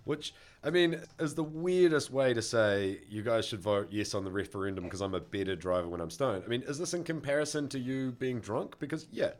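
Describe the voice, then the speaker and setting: A man's voice: mid-range voice, fairly quick, hardly any pauses. A man, co-hosting a casual chat and laughing often as he acts out quotes. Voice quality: husky. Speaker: podcast co-host.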